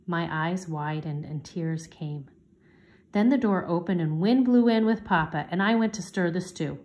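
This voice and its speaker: Low-voiced woman reading a storybook aloud. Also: measured pace, darkish tone.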